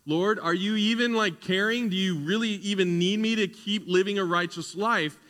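A man's voice: high voice, moderate pace, a bit bright, big-room sound. A man preaching a sermon as pastor, conversational at times and building to fervent emphasis.

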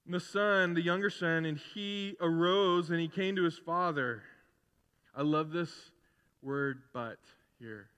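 In a big-room sound, a pastor with a voice on the high side delivers his sermon slowly and cleanly. He's animated and conversational, voicing the characters as he retells a story and adding casual asides.

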